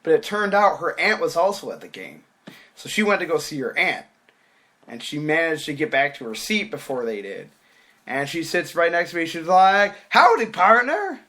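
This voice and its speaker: Young man, bright edgy voice, animated storyteller who acts out quotes and swears casually. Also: fairly high pitch, moderate pace.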